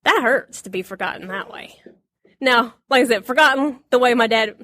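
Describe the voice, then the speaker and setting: A woman giving a casual Bible lesson, chatty and quick to laugh, acting out the lines she quotes. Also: on the high side, pushed and bright, no echo. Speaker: Bible teacher.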